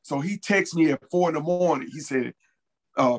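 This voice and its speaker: A man's voice: fairly high pitch, moderate pace, poor audio. A man as an interview guest, telling a personal story in a casual, earnest way and repeating key phrases for emphasis.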